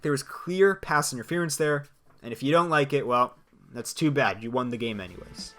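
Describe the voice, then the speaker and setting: A young man hosting a solo sports podcast. He gives blunt opinions in a lively way and laughs between his points. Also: mid-range voice, moderate pace. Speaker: podcast host.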